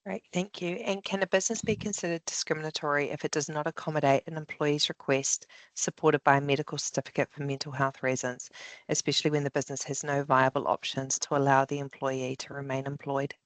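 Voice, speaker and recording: A webinar moderator reads audience questions over a video call, with brisk, upbeat acknowledgements. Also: medium pitch, level tone, no echo.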